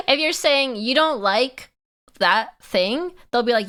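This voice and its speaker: A Canadian woman streaming live, her voice a little high and very bright. She talks unhurried and playful, giggling and bantering back at her chat. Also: animated.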